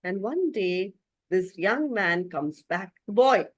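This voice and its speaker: A woman spiritual teacher telling a story to her class in an expressive way, often clearing her throat. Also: mid-range voice, slow, no room sound. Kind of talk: storytelling talk.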